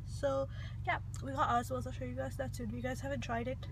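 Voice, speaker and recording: Talking a little fast in a high-pitched, fairly flat voice, a giggly young vlogger in her twenties chats to the camera while out in a car and a park. Background noise and music accompany her.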